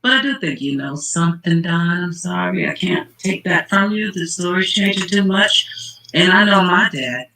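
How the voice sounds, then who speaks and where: A man talks through a true-crime case in casual commentary. His voice sits high and sounds bright and forceful. He gets worked up and emphatic, speaking straight to the people involved. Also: normal speed, vocal fry, slight background noise, poor audio. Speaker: channel host.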